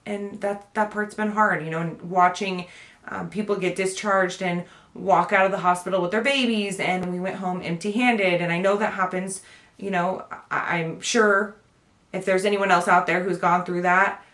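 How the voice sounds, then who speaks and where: A woman's voice: fairly low pitch, steady tone, normal speed, fairly bright tone. A young woman, giving a chatty, emotional personal update to her viewers. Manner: chatty, emotional, tearful at times. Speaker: vlogger. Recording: echoey room.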